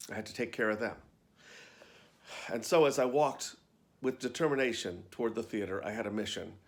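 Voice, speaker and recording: A man reading his own backstage memoir aloud in a wry, conversational storytelling manner. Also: mid-range voice. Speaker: actor and storyteller.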